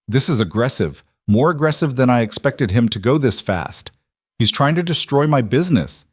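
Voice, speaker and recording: A man voicing a composed, guarded businesswoman who answers in a careful, measured way in an audio story. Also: medium pitch, lively intonation, husky, no echo, voice pushed up.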